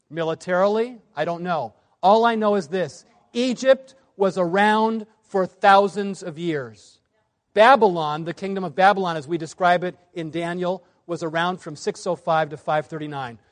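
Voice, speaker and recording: A man's fairly high-pitched voice giving a sermon presentation to a congregation. He leans hard on key words and then lets the ends of phrases fall quiet. He sounds like a man in his forties from the United States. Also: moderate pace. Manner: varies loudness widely, drops low at phrase ends. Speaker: preacher.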